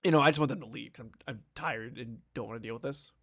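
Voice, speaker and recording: A young man casually telling a story, animated, laughing and swearing as he goes. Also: mid-range voice, fast talker, slightly rough. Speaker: streamer.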